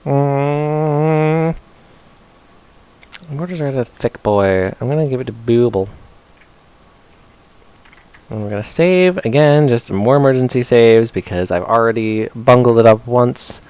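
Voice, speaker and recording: A man's voice: medium pitch, unhurried, long pauses, a little mellow, smooth. A man casually commenting as he plays a video game, chatty and self-mocking, often talking to the characters on screen. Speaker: streamer. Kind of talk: casual let's-play commentary.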